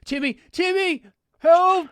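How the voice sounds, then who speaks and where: A player voicing a panicky, overdramatic stocky boy camper in a tabletop role-play, pleading in a high, frantic voice. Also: slow pace, no room sound, clean studio sound. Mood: panicked.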